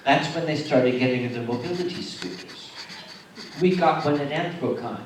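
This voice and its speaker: A man's voice: on the high side, normal speed, slight background noise. A man telling dramatic stories on a convention panel, playing up each moment. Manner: dramatic, animated storyteller. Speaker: convention organizer. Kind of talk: storytelling on a panel. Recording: echoey hall from far off.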